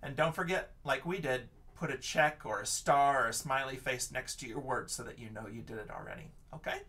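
A man's voice: mid-range voice, a little fast, pushed and bright, far from the mic. A male teacher giving an online lesson for young children, patient and encouraging, sounding out words letter by letter.

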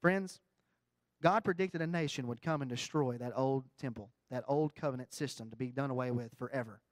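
A middle-aged man preaching a folksy sermon, swinging between quiet asides and loud, rising emphasis. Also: mid-range voice, brisk, no room sound.

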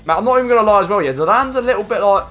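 Excitable young gaming commentator. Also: male voice, high-pitched, very fast, soft background music. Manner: excitable, slangy, bursts into loud outbursts. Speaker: gaming YouTuber. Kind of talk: casual gameplay commentary.

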